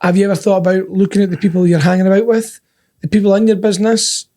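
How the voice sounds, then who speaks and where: A Scottish man with a notably high speaking voice, bantering on a podcast. He tells stories in a loose, chatty way and laughs often between points. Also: little pitch movement, fast talker, mellow. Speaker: podcast co-host. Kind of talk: casual banter.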